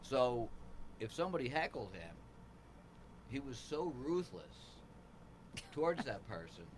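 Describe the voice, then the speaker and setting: A man casually telling a comedy club story, loudly acting out the lines of the people in it. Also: mid-range voice, measured pace, background noise. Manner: animated storyteller, acts out quotes loudly. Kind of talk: casual chat.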